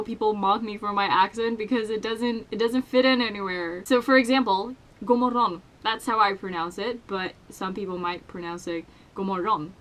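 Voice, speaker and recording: A woman's voice: mid-range voice, a bit bright. A young woman from Sweden with a Swedish accent, chatting casually to camera in a crude, self-mocking, playful way. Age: young adult. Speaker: vlogger. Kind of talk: casual vlog chat. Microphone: headphones with desk mic.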